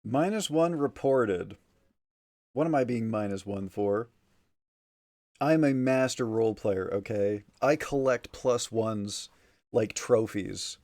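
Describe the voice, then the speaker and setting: A man's voice: on the low side, slow pace, darkish tone. A man streaming from a small, hot room at home, chatting casually with his viewers in a joking, foul-mouthed, teasing way. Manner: joking, profane, teasing chat. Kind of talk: casual livestream chat.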